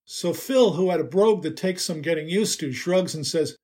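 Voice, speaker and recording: An older man telling a personal story at an unhurried, wry pace. His voice sits fairly high and has a husky, breathy edge. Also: a little mellow. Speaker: writer.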